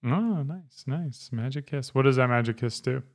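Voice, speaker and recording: Chatty rambling dad hosting a podcast. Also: male voice, medium pitch, animated, normal speed. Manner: rambling, filler-heavy, laughs easily. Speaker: podcast host. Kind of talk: casual podcast chat.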